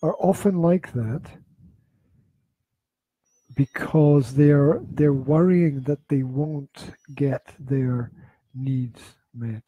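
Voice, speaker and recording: A man hosting a parenting podcast, asking prompting questions and musing slowly on ideas. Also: medium pitch, husky, dry recording, narrow, tinny audio. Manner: prompting questions, drawn-out thoughtful phrasing. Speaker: podcast host. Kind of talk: casual podcast conversation.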